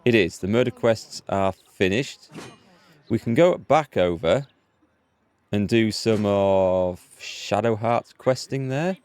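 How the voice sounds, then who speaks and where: A man's voice: lowish voice, lively intonation, slow, darkish tone, clean tone. A man streaming a game live from indoors at home, chatting in an upbeat way and thinking aloud as he plays. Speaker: gaming streamer.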